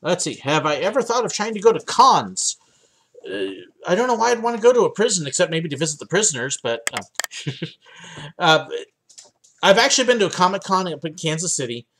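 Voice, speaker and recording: A man's voice: sits high, fairly bright tone. A young man from the United States hosting a livestream Q&A from his home office, chatting casually with lots of ums and uhs. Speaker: livestream host answering viewer questions.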